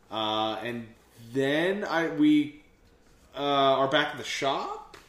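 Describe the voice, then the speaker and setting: A man's voice: medium pitch, slow, fairly bright tone, roomy sound. A man co-hosting a podcast, recapping a show in casual chat, rambling with lots of fillers and swearing. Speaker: podcast co-host.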